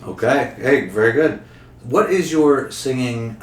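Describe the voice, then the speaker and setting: A man's voice: medium pitch, lively intonation, measured pace. A young man hosting a casual podcast interview, playful and rambling as he quizzes his guests. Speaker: podcast host. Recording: roomy recording with faint background hum.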